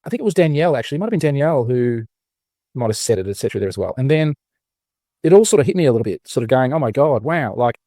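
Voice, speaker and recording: A man's voice: mid-range voice, sing-song, rapid-fire, mellow, dry recording, studio quality. A man co-hosting a podcast, chatting casually and rambling, with many restarts and fillers. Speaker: podcast co-host.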